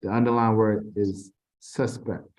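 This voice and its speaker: A man leads an informal tutoring session, reading out multiple-choice questions. His voice sits on the low side, and he stumbles, restarts and corrects himself as he goes. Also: flat delivery, a little mellow. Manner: informal, halting, reads quiz questions aloud with restarts. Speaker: TESOL instructor.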